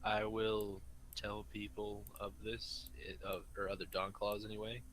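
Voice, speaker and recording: Deep monotone guy playing a tabletop game, bright edge to his voice, bit of hiss behind. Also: a little slow, low-quality recording. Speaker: player. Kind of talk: casual tabletop play.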